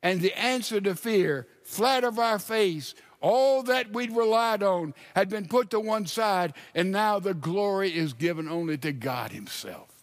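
Slow dramatic older male preacher. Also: high voice, lively intonation. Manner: dramatic preaching, drops to a hush for quoted scripture. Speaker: pastor. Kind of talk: sermon.

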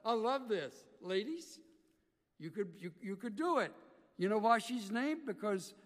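A man preaching a sermon, swinging from loud emphatic bursts to quiet earnest asides. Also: high-pitched, lively intonation, measured pace, in a large hall. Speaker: pastor.

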